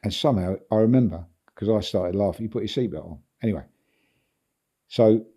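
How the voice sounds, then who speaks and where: A man's voice: fairly low pitch, warm tone, husky. An older English man, a guest on a podcast, telling a long anecdote in a rambling way, repeating words and chuckling as he goes. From England. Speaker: football agent, guest. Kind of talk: anecdotal storytelling in a podcast interview.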